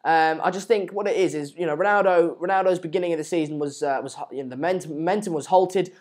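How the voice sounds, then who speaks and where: Male stream host, rambling and repetitive, slightly high voice. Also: fast talker, crowd noise. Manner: rambling, repeats words and phrases. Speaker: host of a live football watchalong stream. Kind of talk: casual live chat reading viewer comments.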